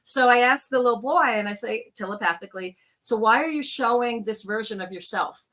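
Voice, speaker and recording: A woman speaks in a bright, forceful voice as she tells her stories. She acts out the people in them as she goes, in a casual, chatty way. She sounds like a guest on a video call. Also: fairly high pitch, brisk. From New York. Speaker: guest, psychic medium. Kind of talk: casual storytelling interview.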